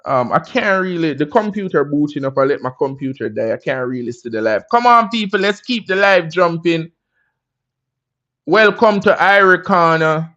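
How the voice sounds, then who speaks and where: A man's voice: fairly high pitch, animated, moderate pace, bright, forceful tone, dull audio. A Jamaican man hosting a casual livestream, talking in a laid-back, chatty way and often asking "you understand me?". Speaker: livestream host.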